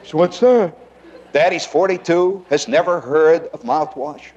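Doing stand-up, a man with a fairly high voice takes his time, spinning animated stories full of laughs and rhetorical questions to the crowd. The recording's high frequencies are cut off.

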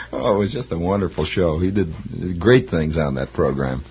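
A man's voice: sits low, big pitch swings, normal speed, husky. A male radio host telling rambling stories, chuckling as he talks, on a lo-fi old radio recording. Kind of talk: nostalgic storytelling.

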